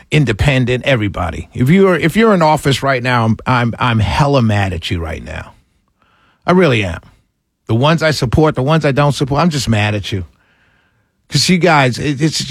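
This is an opinionated radio monologue: a male talk show host rants with animated disbelief, throwing in sarcastic impressions and laughs. He speaks in a mid-range voice with vocal fry and a slightly rough edge, captured as clean studio sound with no room noise.

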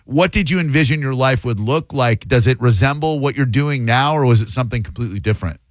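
A man's voice: medium pitch, fast, dry recording. A man hosting a casual interview, joking around and swearing loosely as he asks questions. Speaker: interviewer host.

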